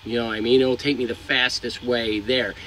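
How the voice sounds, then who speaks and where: A man's voice: mid-range voice, flat delivery, fairly quick, bright, forceful tone, a little hiss or hum, poor audio. A young man who drives trucks, giving frank, rambling advice to viewers, swearing now and then. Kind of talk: casual advice vlog. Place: inside a truck cab.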